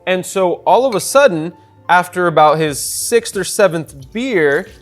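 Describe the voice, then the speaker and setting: A young man, a bartender telling a story in a casual, animated way while making a cocktail. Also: sits high, unhurried, soft background music. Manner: chatty, animated storyteller with many fillers.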